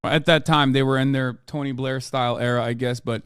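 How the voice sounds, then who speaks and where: A man's voice: medium pitch, clear, resonant tone, dry recording, studio quality. A man hosting a live stream who reads articles aloud and breaks into profane, sarcastic rants. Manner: fast, flat reading of quoted text. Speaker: streamer host.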